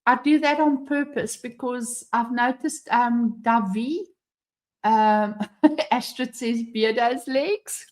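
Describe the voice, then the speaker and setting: A South African woman with a fairly high, slow, darkish voice hosts a casual live stream from her home, where the front door stands open. She chats easily, laughs a lot, and reads viewers' comments out loud.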